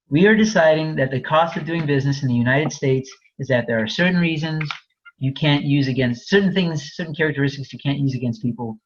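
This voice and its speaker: A man's voice: on the high side, dull audio. A man presenting a fair housing webinar, explaining in a candid, conversational way with frequent restarts. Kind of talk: webinar lecture.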